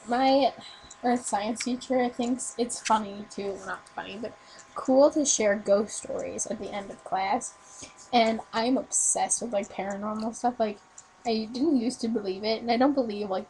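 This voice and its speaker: A woman's voice: on the high side, darkish tone, poor audio. Teen girl, casual webcam storyteller who rambles and corrects herself; faint background hum. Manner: rambling, filler-heavy ghost story with quick self-corrections. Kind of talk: casual video reply storytelling. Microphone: webcam mic.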